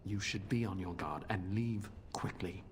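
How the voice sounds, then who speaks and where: An actor playing a nervous innkeeper in a video game, speaking in an anxious, guarded, hushed way. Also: male voice, deep voice, measured pace. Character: nervous tavern keeper watched by thugs. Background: game music.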